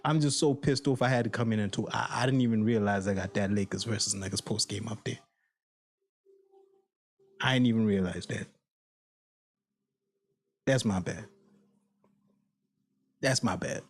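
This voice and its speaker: Husky man ranting angrily to viewers. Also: fairly low pitch, normal speed, long pauses. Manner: heated, repetitive, profane, addresses viewers directly. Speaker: sports reaction channel host. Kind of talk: angry solo reaction rant.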